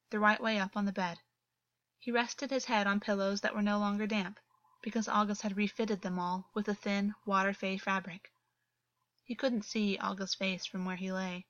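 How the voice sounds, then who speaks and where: A woman narrating a story in a steady, earnest reading voice, on a dull, lo-fi recording. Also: medium pitch, dry recording. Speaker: audiobook narrator.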